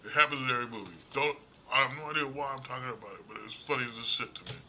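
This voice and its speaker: A man streaming live, chatting casually and animatedly about movies, laughing often and acting out characters in high voices. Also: very fast, bright, forceful tone, slight background noise. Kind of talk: casual rambling movie talk.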